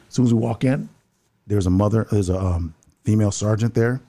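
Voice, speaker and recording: A man's voice: fairly low pitch, warm tone. A man who works building security, earnestly telling a story in conversation, often repeating his first words. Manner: rapid, earnest, repeats words when starting sentences.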